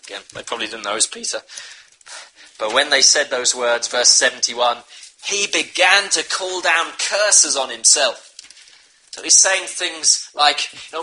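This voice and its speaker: A man's voice: fairly high pitch, unhurried, pushed and bright, low-quality recording. A man preaching a sermon, earnestly urging his listeners to repent. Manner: earnest, pleading exhortation.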